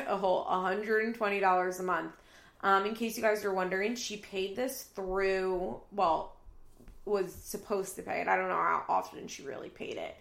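Chatty woman with a gravelly voice. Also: mid-range voice, fairly even intonation, moderate pace, fairly bright tone, echoey room. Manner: chatty, laughing, acts out quotes. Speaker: reality TV recap commentator. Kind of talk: casual recap chat. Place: apartment room.

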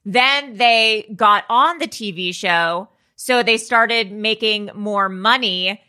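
A woman's voice: mid-range voice, slow, pushed and bright. A woman co-hosting a casual podcast, chatty and self-deprecating, often laughing as she tells stories. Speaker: podcast co-host. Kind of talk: casual chat.

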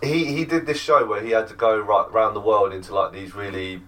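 A man's voice: fairly low pitch, brisk, a bit bright, far from the mic, a little hiss or hum. A man hosting a podcast, telling a story in a rambling, casual way full of fillers and restarts. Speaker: podcast host.

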